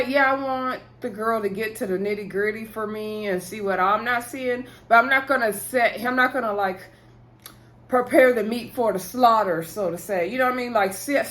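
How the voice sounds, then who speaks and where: A woman speaking, chatting casually as she recaps a reality show and reenacts what the cast said. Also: a little high. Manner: chatty, animated retelling with quoted voices and laughs.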